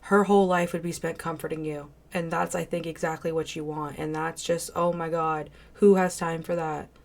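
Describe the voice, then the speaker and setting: A woman's voice: low voice, flat delivery, moderate pace, vocal fry. A woman commentator reacting to a clip in a blunt, exasperated and sarcastic way.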